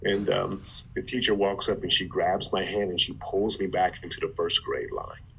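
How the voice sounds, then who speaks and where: Man from Ohio, motivational speaker, low and husky, lively storyteller. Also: moderate pace, poor audio. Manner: animated, with stammered restarts. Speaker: guest, former football player turned motivational speaker. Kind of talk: conversational storytelling.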